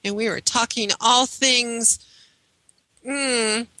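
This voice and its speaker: A woman hosting a radio talk show, speaking in an unhurried, agreeable way. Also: on the high side, steady tone, bright, forceful tone, no echo, poor audio. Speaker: radio host.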